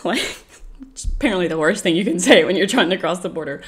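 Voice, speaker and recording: Animated woman telling a travel story. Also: mid-range voice, fast talker. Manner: animated, laughs often, acts out quoted voices. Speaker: podcast storyteller. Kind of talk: casual storytelling.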